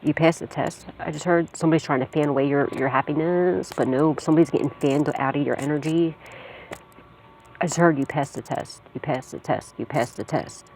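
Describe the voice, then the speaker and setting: A woman's voice: sits low, fairly quick, darkish tone, a little hiss or hum. A woman giving a casual tarot reading to her viewers, blunt and repetitive, swearing freely and laughing often. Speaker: psychic tarot reader.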